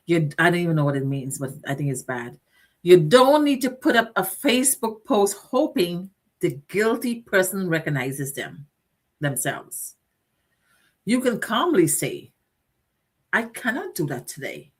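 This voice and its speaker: A woman's voice: fairly low pitch, expressive, a little slow. Earnest woman giving motivational talk. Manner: earnest, direct, addresses listeners, lists and repeats phrases. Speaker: host. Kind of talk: motivational talk show monologue.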